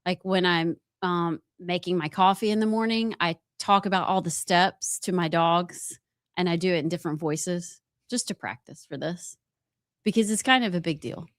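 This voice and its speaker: A woman's voice: fairly low pitch, normal speed, no room sound, clean studio sound. A woman co-hosting a talk show, chatty and self-deprecating. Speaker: radio show co-host. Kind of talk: casual talk-show chat.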